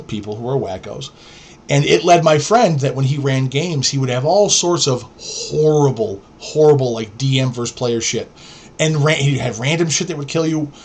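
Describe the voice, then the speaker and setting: Blunt, profane male podcast host. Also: medium pitch. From New York. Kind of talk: casual storytelling.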